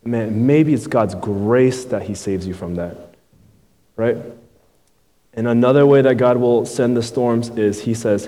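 A man's voice: mid-range voice, normal speed, mellow, in a large hall. A male pastor delivering a sermon in a loose, conversational way, often checking in with his listeners. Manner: conversational preaching, keeps tagging "right?" and "man".

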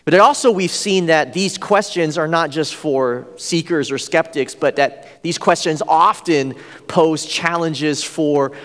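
A man's voice: on the high side, measured pace, fairly bright tone, long reverb tail. A man preaching a sermon, telling a personal story in an earnest way with frequent fillers.

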